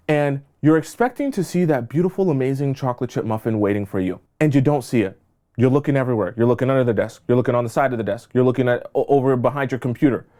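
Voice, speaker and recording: A man giving dating advice straight to camera, emphatic and acting out little scenes by playing both sides. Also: warm tone. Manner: emphatic, acts out both sides of little scenes with squeaky high voices for the woman. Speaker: dating coach. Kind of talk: direct-to-camera advice monologue.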